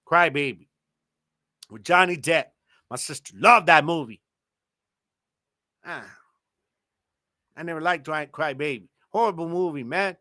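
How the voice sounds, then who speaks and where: Bright, high-voiced man chatting casually. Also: measured pace, long pauses, no room sound, clean studio sound. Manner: laid-back slangy banter, laughs often. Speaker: podcast host. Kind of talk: casual chat.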